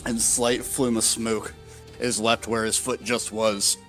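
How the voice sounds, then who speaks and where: A man narrating as dungeon master, unhurried and hesitant with many pauses and fillers. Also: lowish voice, level tone, fairly bright tone, faint music behind. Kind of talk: narrating a tabletop game.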